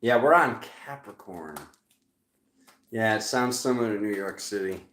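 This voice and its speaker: A man's voice: lowish voice, moderate pace, reverberant, noisy background. A man with a Rhode Island accent giving a casual tarot reading, rambling and cracking jokes as he goes. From Rhode Island, USA. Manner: rambling, joking asides. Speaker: tarot reader.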